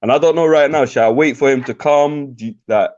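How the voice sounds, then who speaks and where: A man's voice: mid-range voice, a little fast, darkish tone. Slangy Birmingham man on a muffled stream. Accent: Birmingham English. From England. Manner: laid-back, slangy, laughs often. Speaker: live stream host. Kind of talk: casual chat on a live stream.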